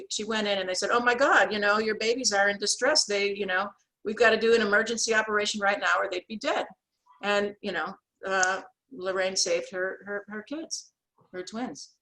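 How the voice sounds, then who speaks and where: A woman with a bright, clear-edged voice tells her story with animation. She acts out the people she quotes and restarts her sentences often. She is speaking as a guest over a video call. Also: mid-range voice, low-quality recording. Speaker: guest, author and sketch artist. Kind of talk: storytelling in an interview.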